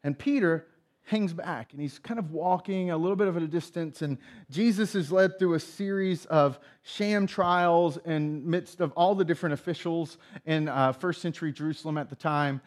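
A man's voice: on the high side, normal speed. A male pastor giving a sermon, retelling a story and acting out the characters' lines. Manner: storytelling, acts out voices in retelling.

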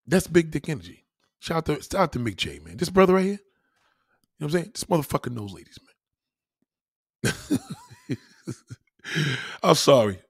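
Husky-voiced blunt, profane man. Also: a little high, very animated, normal speed, long pauses, no room sound, studio quality. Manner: blunt and profane, with repeated restarts. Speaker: livestream host. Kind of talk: casual livestream rant.

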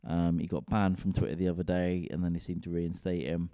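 Deep sweary man ranting casually. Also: little pitch movement, a little fast, warm tone, clear, resonant tone, no echo, studio quality. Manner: rambling, sweary, self-mocking. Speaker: comedian and podcast host. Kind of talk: casual solo rant.

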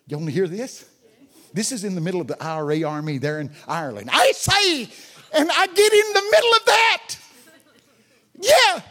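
A man's voice: fairly high pitch, darkish tone. An older man preaching a sermon as a guest speaker, telling stories and chatting with people in the audience. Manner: storytelling, chats with audience members.

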